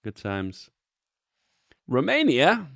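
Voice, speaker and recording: A young man, a YouTube host giving relaxed, chuckling commentary on memes and swearing offhandedly. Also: medium pitch, drawn-out words, gravelly, dry recording, clean studio sound. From England. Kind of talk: casual commentary.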